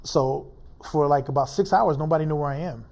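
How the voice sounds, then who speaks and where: Man, dark mellow voice, lots of uh and like, telling a rough personal story on an interview show. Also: on the high side. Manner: informal, halting speech with many fillers. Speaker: interview guest.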